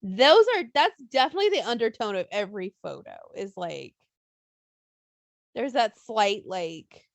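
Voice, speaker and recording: A young woman co-hosting a casual wrestling podcast, blunt and animated, swearing freely and acting out what fans would say. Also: medium pitch, a little slow, creaky, dry recording, clean studio sound. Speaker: podcast co-host.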